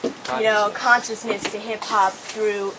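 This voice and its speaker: A woman's voice: mid-range voice, level tone, slow pace, rough recording. Polite woman asking from the crowd. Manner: polite, slightly hesitant with fillers. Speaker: audience member asking a question. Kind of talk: question from the audience. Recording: live crowd in a store.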